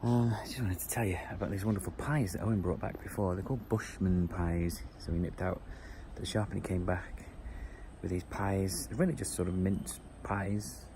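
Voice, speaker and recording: A man chatting casually to a handheld camera as a travel vlogger, relaxed and full of fillers. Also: low voice, moderate pace. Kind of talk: casual vlog narration. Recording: loud background noise.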